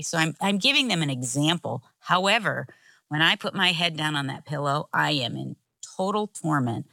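A middle-aged woman tells a story in a casual chat, her voice bright and lively while sitting slightly low in pitch. She laughs often as she talks. The recording is dry and close. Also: normal speed, creaky, no room sound. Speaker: co-host.

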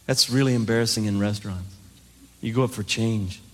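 A man's voice: on the low side, fairly quick, noisy background. A man telling self-deprecating comic stories with playful punchlines to a live audience. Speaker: comedic speaker. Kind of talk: stand-up storytelling.

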